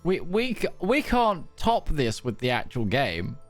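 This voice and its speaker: A man chatting casually as a tabletop game player, giggly and lively. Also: fairly high pitch, unhurried, faint music behind.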